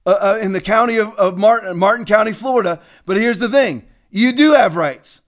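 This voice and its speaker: High-voiced guy on a livestream, fired up, shouting out viewers by name. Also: moderate pace. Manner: fervent, greets viewers by name. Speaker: livestream host. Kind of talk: religious political livestream talk.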